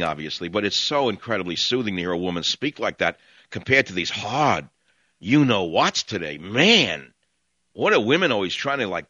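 A man's voice: low-pitched, pushed and bright, dry recording, dull audio. A man with a New York accent hosting call-in talk radio, ranting in a brash, sardonic, rambling way.

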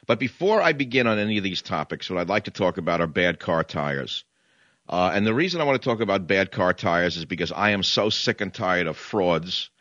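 A combative man hosts a talk radio show and rants in a sarcastic monologue. His voice is low and sits forward and bright. It is close and dry, with the dull, lo-fi sound of a radio broadcast. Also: dry recording. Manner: combative, ranting, sarcastic asides.

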